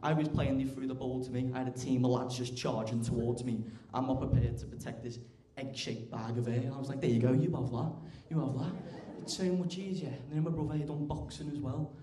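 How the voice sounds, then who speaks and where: A teenage man doing a stand-up comedy routine, chatty, tagging lines with "right?" and getting loud when acting out scenes. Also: medium pitch, fairly even intonation, a little fast, hardly any pauses, crowd noise. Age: teens. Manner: chatty, keeps asking "right?", bursts loud for acted bits. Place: large comedy club stage. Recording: echoey live club room.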